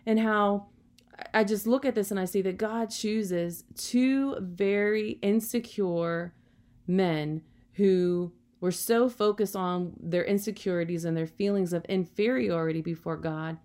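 A woman's voice: mid-range voice, a little slow, a little mellow. A woman preaching a sermon in an earnest, encouraging way, often adding "you know" as she talks.

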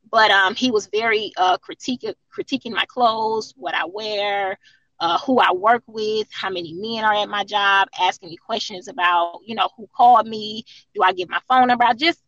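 Earnest woman with a gravelly, bright voice. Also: medium pitch, no echo, highs cut off. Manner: earnest, halting, many fillers. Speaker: interview guest. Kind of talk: candid personal account in an interview.

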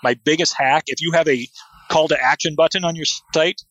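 A man's voice: on the high side, fairly even intonation, fairly quick, fairly bright tone, no room sound, muffled recording. A man talking as a guest in a casual interview, enthusiastic, with many fillers and restarts. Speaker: podcast guest, SEO expert.

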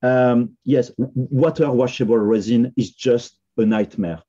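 A man's voice: medium pitch, unhurried, dark tone, breathy edge, muffled recording. A man with a French accent talking casually as a podcast guest, often hesitating with fillers and restarts. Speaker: software company founder, podcast guest.

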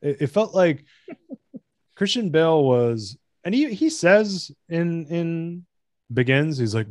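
An American man talking excitedly in a casual podcast chat, rambling and swearing. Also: fairly high pitch, takes it slowly, no echo, clean studio sound. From United States.

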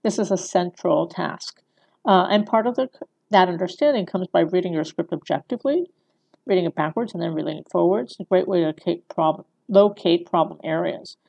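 A woman's voice: fairly low pitch, brisk, creaky, darkish tone. A woman giving a conversational screenwriting lecture, often checking in with her listeners by asking "right?". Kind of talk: recorded lecture.

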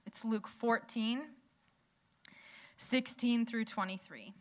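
A woman's voice: on the high side, slow pace. A young woman preaching a sermon in a conversational way, laughing often and telling stories with animation.

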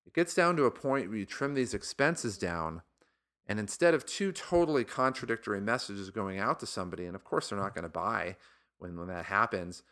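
A man's voice: on the low side, expressive, a little fast, fairly bright tone. A man hosting a sales podcast, talking alone in an earnest, encouraging coaching tone. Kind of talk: motivational solo podcast monologue.

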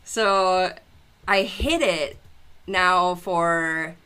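A woman in her thirties telling a story in casual chat, animated and laughing, acting out the voices of the people she quotes. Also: lowish voice, very slow, clear, resonant tone. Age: 30s. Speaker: podcast guest.

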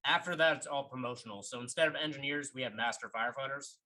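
A man's voice: medium pitch, fast, a crowd in the background, poor audio. A firefighter explaining his department's ranks in casual chat, with a wry edge.

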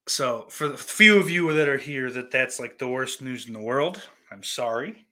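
Lively, bright-voiced male podcast host. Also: mid-range voice, moderate pace. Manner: profane, rambling, self-deprecating banter; animated swings between loud outbursts and muttered asides. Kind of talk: casual live-stream chat, reading viewer comments.

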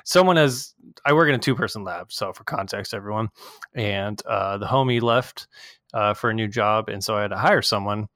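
A man's voice: lowish voice, normal speed, fairly bright tone, no room sound, clean studio sound. A young man hosting a casual podcast, rambling with lots of fillers and swearing, acting out quoted people in a raised voice. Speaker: podcast host. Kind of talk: casual chat.

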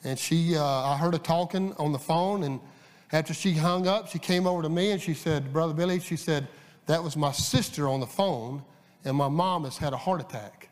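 A man's voice: on the high side, moderate pace. A man preaching a sermon in a folksy, storytelling way, with frequent fillers and restarts. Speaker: guest preacher. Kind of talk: sermon with scripture reading. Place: church sanctuary. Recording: long church reverb.

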